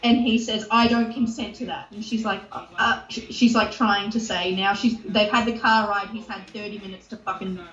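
A woman's voice: mid-range voice, steady tone, moderate pace, hardly any pauses, fairly bright tone. Heated swearing woman, echoey and distant. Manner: heated, swearing, acts out quoted voices. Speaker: podcast co-host. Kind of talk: casual chat, retelling a TV show. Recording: echoey, distant, dull sound.

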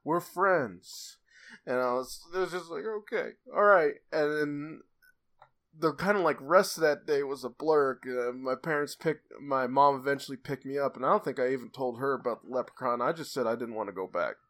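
A man's voice: medium pitch, fairly quick, fairly bright tone. Rambling young man telling a story. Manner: rambling, many restarts and fillers, laughs a lot. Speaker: podcast co-host telling a story. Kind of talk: casual storytelling chat.

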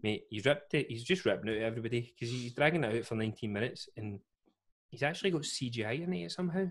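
A man's voice: mid-range voice, animated, fast talker. A Scottish man co-hosting a podcast, chatting casually and rambling. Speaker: podcast co-host. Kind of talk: casual chat.

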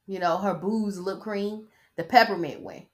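A woman's voice: mid-range voice, fairly even intonation, moderate pace. A woman hosting a podcast in a casual, sassy style, chatting and mocking as she reads an article aloud. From United States. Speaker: podcast host.

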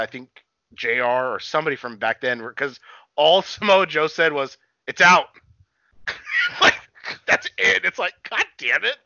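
A man's voice: mid-range voice, pushed and bright, no echo. A man co-hosting a casual wrestling podcast, talking in a profane, rambling way. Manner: profane, rambling, retells scenes. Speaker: podcast co-host. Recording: dull dry lo-fi sound.

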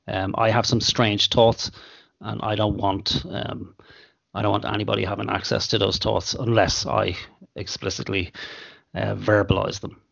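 A man hosting a podcast over an internet call, measured and dry, with casual swearing. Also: fairly low pitch, level tone, vocal fry, fairly bright tone, muffled recording. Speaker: podcast host.

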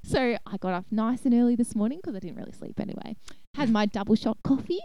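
A woman's voice: on the high side, fast talker, warm tone, no room sound. A young woman co-hosting a podcast, chatting casually with lots of giggles and "like". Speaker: podcast co-host.

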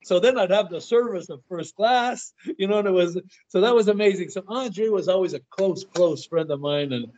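A fairly high-voiced older man spins stories in a loose, conversational way. He trips over his words and repeats himself as he goes. The sound is dull and lo-fi. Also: normal speed, hardly any pauses. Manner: stammers and repeats words, animated anecdotes. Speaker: guest. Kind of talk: casual interview storytelling.

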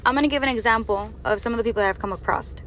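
Woman, somewhat high voice, earnest preaching monologue, rhetorical questions, faint background hiss. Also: racing, fairly bright tone. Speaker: faith and health speaker.

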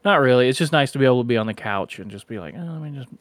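A man co-hosting a podcast, talking casually with relaxed, short replies. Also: medium pitch, racing, dry recording. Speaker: podcast co-host. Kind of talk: casual chat.

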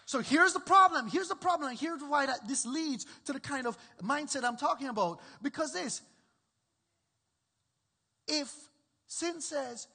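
A man's voice: extremely high pitch, expressive, a little slow, creaky, long pauses, sharp tone, long reverb tail. A man preaching a sermon as pastor, emphatic and repetitive, often checking in with his listeners.

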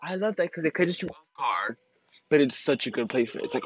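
A man casually reacting to an album, excitable and gushing, laughing often between thoughts. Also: a little high, fast, lo-fi sound, background noise. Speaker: music reaction vlogger.

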